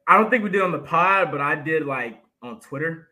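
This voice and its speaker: Casting: male co-host, somewhat high, bright tone, relaxed chatty sports talk. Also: fairly quick, poor audio. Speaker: podcast co-host. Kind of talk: casual sports podcast chat.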